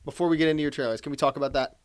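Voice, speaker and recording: A man's voice: a little high, rapid-fire, clean tone, no room sound, studio quality. A man co-hosting a podcast, chatting casually and rambling from crude jokes into movie rumors. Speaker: podcast co-host. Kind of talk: casual chat.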